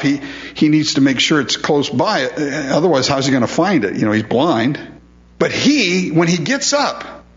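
A man's voice: mid-range voice, lo-fi sound. A man preaching a sermon, retelling a Bible story and acting out the voices of its people. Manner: lively storytelling delivery, acting out quoted voices.

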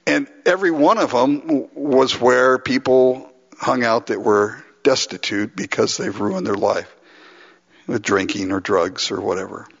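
A man's voice: medium pitch, a little slow, gravelly, breathy edge. A man from Los Angeles preaching a sermon as a pastor, acting out prayers and chuckling often. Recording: lo-fi with long hall reverb.

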